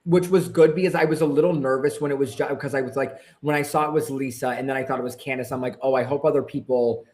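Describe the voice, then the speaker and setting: A man's voice: mid-range voice, steady tone, fast, a little mellow. A man chatting casually as a podcast guest, brash and profane, dramatic about a reality show. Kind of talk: casual chat.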